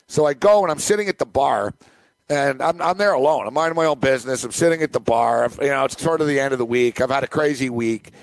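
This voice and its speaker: A middle-aged man hosting a sports betting podcast, telling a rambling, animated anecdote in casual chat. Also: mid-range voice, fast, no echo. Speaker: podcast host. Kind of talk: casual storytelling.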